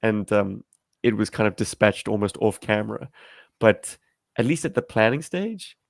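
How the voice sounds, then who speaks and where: Gravelly low-voiced man on a call. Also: expressive, dry recording, clean studio sound. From South Africa. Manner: rambling, self-deprecating, halting with fillers. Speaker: amateur filmmaker guest. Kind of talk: livestream discussion. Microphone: video call.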